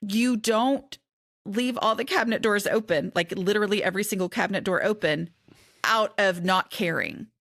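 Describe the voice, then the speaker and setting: Chatty middle-aged woman with a creaky voice. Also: medium pitch, moderate pace, fairly bright tone, no echo, studio quality. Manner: chatty, self-interrupting, candid. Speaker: podcast guest, author. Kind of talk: casual conversation.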